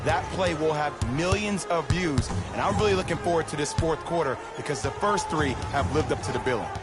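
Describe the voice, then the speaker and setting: A man's voice: on the high side, brisk, loud music behind the voice. A man giving opinionated, conversational color commentary over a basketball video game. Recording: game audio with loud background noise. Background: loud arena noise, ball bounces.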